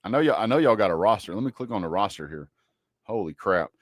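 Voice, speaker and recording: A man's voice: on the low side, animated, fast talker, dry recording, clean studio sound. A man hosting a casual college football livestream, joking and trash-talking bluntly about teams and players. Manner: joking, blunt trash talk with a Southern drawl of words. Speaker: sports livestream host.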